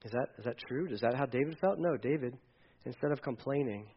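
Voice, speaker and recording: A male pastor preaching a sermon in a conversational way, moving between soft asides and loud, emphatic readings. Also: medium pitch, a little fast, husky, lo-fi sound.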